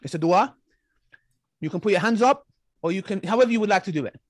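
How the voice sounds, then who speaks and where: A high-pitched man speaking fast in a heated online debate. He mocks his opponent, interrupts and repeats phrases over and over. His voice is husky, recorded dry and close. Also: expressive, no echo. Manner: mocking, talks over the other, repeats himself. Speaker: online preacher debating an ex-Muslim.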